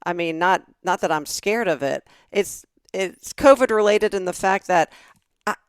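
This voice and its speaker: A middle-aged woman from the southern United States co-hosting a podcast, telling stories in a lively chatty way and acting out the voices she quotes. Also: lowish voice, a little slow, clean tone, no echo. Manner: animated storyteller, acts out quoted voices. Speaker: podcast co-host. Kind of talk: casual chat.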